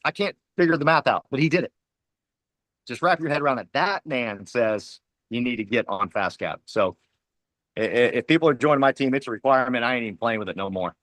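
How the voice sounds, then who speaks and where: A man's voice: medium pitch, fairly bright tone, no room sound. A man giving a fiery, preachy motivational pep talk to his team, hammering points with repetition. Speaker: team leader speaking at a company huddle.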